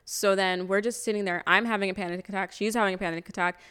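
A woman's voice: mid-range voice, quick pace, clean tone. Casual swearing young woman telling stories. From Toronto area, Canada. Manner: casual, swears a lot, animated storytelling. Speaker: podcast co-host. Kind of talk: casual storytelling chat.

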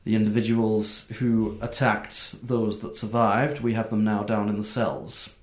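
Brief: man doing a somber woman commander in a tabletop game, unhurried, roomy echo. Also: lowish voice, little pitch movement, darkish tone, lightly acted. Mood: grave. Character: grim female watch commander, grieving. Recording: echoey room.

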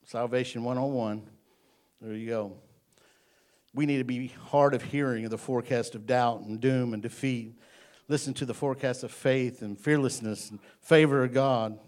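A man's voice: mid-range voice, normal speed, a little mellow. A male pastor preaching a sermon in church, folksy and joking, then building to emphatic repeated lines.

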